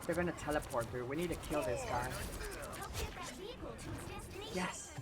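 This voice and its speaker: A woman livestreaming a game, talking crudely to her chat and yelling at her teammates. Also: deep voice, a little slow. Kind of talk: live gaming stream chat.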